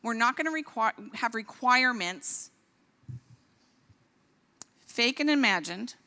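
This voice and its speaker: Woman, forties, physician speaking in a large church hall, bright tone, long reverb, indignant, animated. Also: on the high side, slow. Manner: animated, indignant, rising to exclamations. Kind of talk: impassioned church talk.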